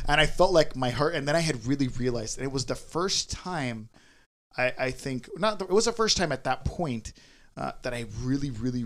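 A man co-hosting a podcast, telling a candid, rambling confessional story in casual chat. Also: mid-range voice. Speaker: podcast co-host.

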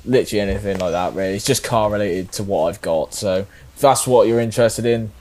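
A man's voice: fairly low pitch, quick pace, darkish tone. A young man guesting on a car podcast, casual and self-deprecating, laughing easily. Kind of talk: casual chat.

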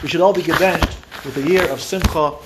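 A man's voice: fairly high pitch, brisk, very noisy. A man giving an earnest Torah talk, telling a story and mixing in Hebrew and Yiddish terms. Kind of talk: sermon with a story.

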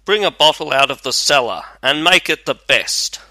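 A man's voice: medium pitch, slow pace, bright, forceful tone, no echo, rough recording. A man doing a commanding robber captain. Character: commanding male robber captain, grimly amused.

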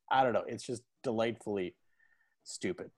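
A man's voice: lowish voice, measured pace, a little mellow, no echo. A man co-hosting a podcast in casual chat, rambling with many "like"s and frequent laughter. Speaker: podcast co-host.

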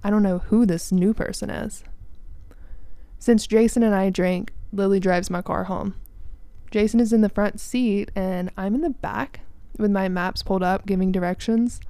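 A woman's voice: medium pitch, steady tone, moderate pace, dark tone, clean tone, no echo. A young woman hosting a podcast, telling a personal story in a candid, present-tense way. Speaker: podcast host. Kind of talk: storytelling narration.

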